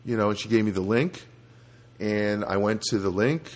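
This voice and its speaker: A man delivering a rambling comedic podcast monologue through a software voice filter, often breaking off and restarting his sentences. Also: normal speed. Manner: rambling, self-interrupting, lively swings in pitch. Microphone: home recording setup.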